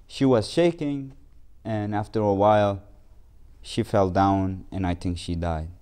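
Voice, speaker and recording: A man's voice: lowish voice, measured pace, dark tone, clear, resonant tone, natural voice. A man doing a grieving remorseful merchant. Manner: lamenting, apologetic.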